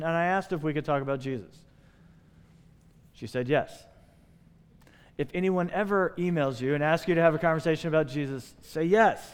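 A male pastor preaching a sermon, telling stories with lively voicing of the people he quotes. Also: sits high, smooth. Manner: animated storytelling, acting out quoted voices. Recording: long hall reverb.

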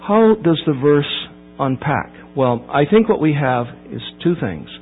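Male preacher, sermon, emphatic, slightly high voice, tinny phone-like sound with hum. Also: very animated, measured pace, faint music behind. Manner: emphatic, rising to near-shouting at key points.

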